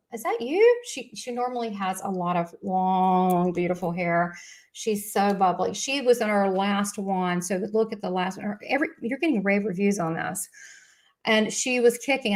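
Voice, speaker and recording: Chatty Southern-accented woman hosting live. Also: medium pitch. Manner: chatty, gushing, rambling with many asides. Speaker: host of a live spiritual show. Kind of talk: casual live-stream chat.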